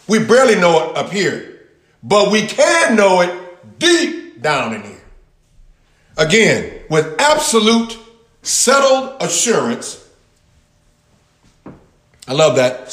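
A man teaching a Bible passage in sermon style, repeating key words with long pauses and talking back and forth with his listeners. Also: fairly high pitch, fairly bright tone, reverberant. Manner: talks with the audience, answers their replies. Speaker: pastor teaching a Bible study.

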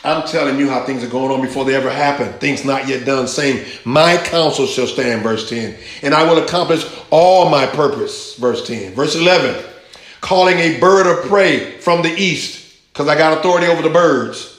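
A man's voice: a little high, moderate pace, fairly bright tone. A man preaching a passionate sermon as pastor, repeating phrases for emphasis and drawing answers from his congregation. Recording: very echoey church hall.

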